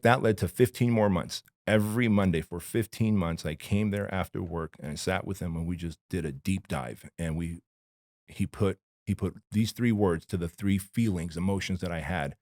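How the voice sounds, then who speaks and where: A very low-voiced man from Armenia talks as a podcast guest, candid and emphatic, with blunt slang. His voice is close and dry on a studio mic, with no room sound. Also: no room sound. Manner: emphatic, blunt and slangy, addressing the host as dude and bro. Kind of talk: candid personal storytelling in a podcast interview.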